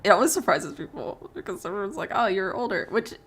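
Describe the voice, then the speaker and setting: A woman's voice: medium pitch, lively intonation, quick pace, breathy edge. A teenage girl live streaming, chatting casually and rambling through stories, laughing often and swearing freely. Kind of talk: casual chat while drawing on stream.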